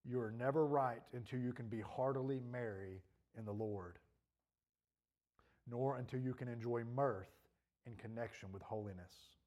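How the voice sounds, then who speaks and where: A man's voice: medium pitch, normal speed, a little mellow. A male pastor preaching a sermon earnestly, his voice rising and falling in intensity, with a troubled throat.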